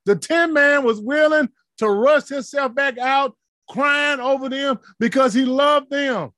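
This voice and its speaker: A man preaching a sermon in a passionate, rhythmic style, building to shouted peaks and dropping to soft asides. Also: very high voice, measured pace, no echo.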